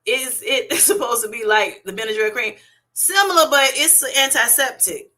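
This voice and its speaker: A middle-aged woman hosts a casual livestream from home, chatting with viewers and laughing often. Her voice sits a bit high and sounds bright and forceful. She keeps up a lively banter as she reads out comments. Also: normal speed. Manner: animated, laughing often, reading chat comments aloud. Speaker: livestream host. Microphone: webcam or streaming setup.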